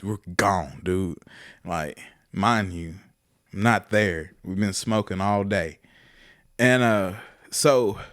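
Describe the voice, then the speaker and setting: A man's voice: fairly low pitch, fairly bright tone. A young man, telling a profane, laughing story as a podcast co-host. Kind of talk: casual storytelling.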